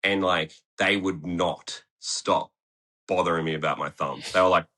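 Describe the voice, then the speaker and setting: A man's voice: low-pitched, steady tone, normal speed, sharp tone. A young man, a skateboarder guest telling rambling, sweary stories in a casual podcast interview and acting out what people said. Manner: rambling storyteller who swears freely and acts out quotes. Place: podcast studio.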